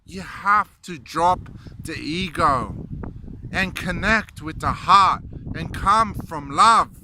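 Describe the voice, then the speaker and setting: An earnest male motivational speaker who tells a story and stresses his points emphatically. He speaks slowly with a fairly high voice. Wind and passing traffic are clear behind him.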